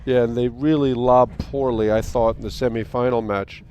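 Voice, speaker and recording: Smooth-voiced male sports commentator. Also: mid-range voice, fairly even intonation, normal speed, warm tone, lo-fi sound. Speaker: play-by-play commentator.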